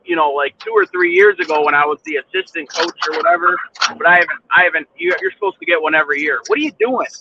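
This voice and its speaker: A man with a high voice tells a long, rambling story in casual chat, swearing freely and restarting his sentences. His voice reaches us over a thin, tinny, phone-like line. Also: steady tone, fast talker, noisy background. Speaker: livestream chat host.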